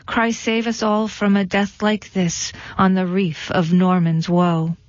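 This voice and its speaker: A woman reading poetry aloud in a measured, rhythmic recitation. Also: mid-range voice, little pitch movement, dry recording. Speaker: reader. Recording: dull lo-fi dry recording.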